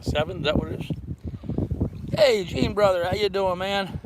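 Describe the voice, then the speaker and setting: A man's voice: high voice, normal speed. An older man chatting casually on a live stream from his sailboat, rambling along and greeting viewers by name. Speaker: vlogger doing a live stream. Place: aboard a sailboat. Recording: loud wind noise on the mic. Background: wind and boat ambience.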